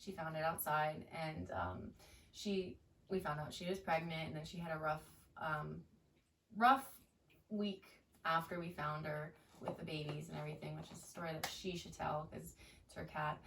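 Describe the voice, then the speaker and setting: A young woman in her twenties chats casually as a podcast guest, telling stories from her classroom with lively animation. She slips into her students' voices as she goes. The recording is roomy and a bit distant from the mic, with a faint hiss behind her. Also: sits low, moderate pace, creaky. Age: 20s. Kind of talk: casual chat.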